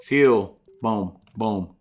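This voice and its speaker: A young man streaming a game, loud, profane and excitable, talking to his chat. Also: lowish voice, very slow, faint music behind. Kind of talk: gaming livestream commentary.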